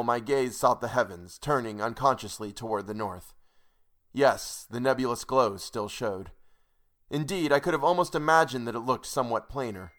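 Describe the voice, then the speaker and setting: Reading a book aloud at home, this male narrator keeps interrupting himself with stories and exasperated rants about the author's grammar and punctuation. He has a mid-range, slightly bright voice and a moderate pace.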